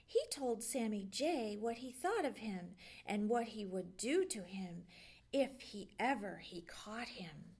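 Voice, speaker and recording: A woman librarian reading a children's storybook aloud with gentle, expressive storytelling. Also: mid-range voice, slow pace, breathy edge.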